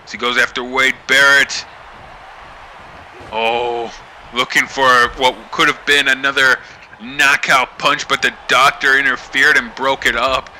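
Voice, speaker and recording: A man doing excited play-by-play wrestling commentary as host of his channel, building up to shouts at the big moments. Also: mid-range voice, unhurried, slight background noise.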